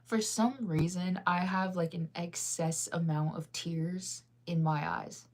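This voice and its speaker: A woman's voice: on the low side, steady tone, slow, darkish tone. A sleepy, yawning woman hosting a casual livestream, chatting in a rambling, giggly way as she answers viewers' comments. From United States. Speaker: livestream host.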